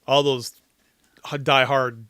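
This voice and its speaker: A man co-hosting a casual podcast chat, dropping in dry, teasing remarks and quick corrections. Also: medium pitch, flat delivery, bright, forceful tone, smooth, no room sound. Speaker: podcast co-host.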